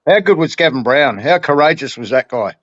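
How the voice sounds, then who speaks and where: A man's voice: on the high side, expressive, fairly bright tone, no echo. Rambling Australian man, dull lo-fi sound. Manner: rambling, halting, full of fillers. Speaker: podcast co-host. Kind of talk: casual chat.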